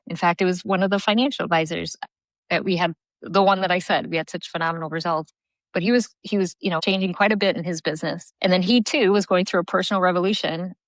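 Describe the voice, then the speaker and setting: A woman's voice: fairly low pitch, fairly bright tone, dry recording, low-quality recording. A woman leadership coach in a remote podcast interview, telling stories earnestly with many fillers and restarts. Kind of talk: podcast interview, reflective storytelling.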